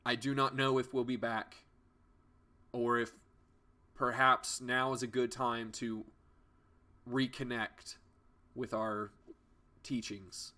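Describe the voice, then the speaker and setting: A man voicing a grieving male monk who speaks low and holds back his emotions. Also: little pitch movement, takes it slowly, pauses often, sharp tone. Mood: solemn. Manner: subdued, holding back emotion.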